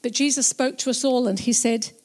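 A woman narrating a Bible story as a first-person witness, slow, reflective and earnest. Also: fairly high pitch, fairly even intonation, darkish tone.

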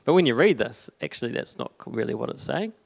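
A young man giving a conversational sermon, halting often with fillers and restarts. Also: medium pitch, very animated, vocal fry, slightly rough. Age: young adult. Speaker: preacher.

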